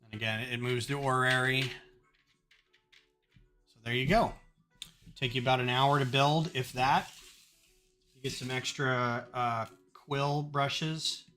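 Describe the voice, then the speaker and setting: Bright-voiced man chatting while building. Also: medium pitch, steady tone, slow, long pauses, faint music behind. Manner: chatty, wry storytelling between build remarks. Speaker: streamer building a brick set. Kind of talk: casual live-stream chat.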